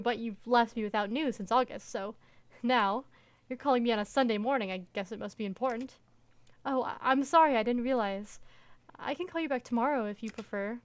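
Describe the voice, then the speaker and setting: A woman voicing a calm, rational middle-aged male doctor in a game she reads aloud, speaking in a measured, reassuring way. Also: on the high side, natural voice. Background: background music.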